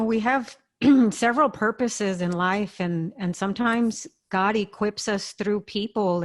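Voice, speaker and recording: A woman hosting a podcast interview, answering her guest with earnest, faith-filled affirmation. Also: medium pitch. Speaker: podcast host.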